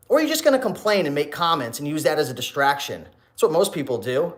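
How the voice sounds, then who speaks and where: A man's voice: high voice, expressive, moderate pace. A man hosting a casual livestream, talking to viewers in a preachy way, firing rhetorical questions and restarting his words. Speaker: reseller YouTuber hosting a livestream.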